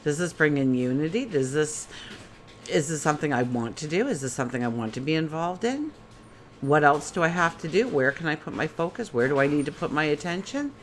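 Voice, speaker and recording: A woman's voice: sits low, animated, brisk, a little hiss or hum. A woman giving a casual daily tarot reading in a chatty way, asking many rhetorical questions. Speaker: tarot reader.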